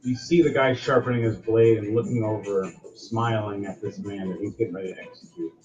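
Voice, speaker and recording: A man's voice: lowish voice, steady tone, a little fast, a little mellow. A man narrating as game master, with loose, rambling descriptions. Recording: dull lo-fi audio, faint music.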